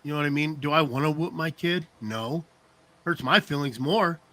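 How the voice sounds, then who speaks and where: Bright-voiced rambling man telling stories. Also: on the high side, normal speed. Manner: rambling, laughs often, frequent "you know what I mean". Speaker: podcast co-host. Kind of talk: casual chat, storytelling.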